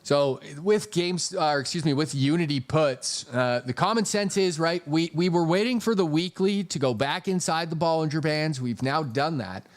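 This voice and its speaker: A man's voice: a little high, normal speed, hardly any pauses. Profane, chatty man analyzing stock charts. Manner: profane, jokey, reads super chats aloud. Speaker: stock trading streamer. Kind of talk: casual live-stream market commentary.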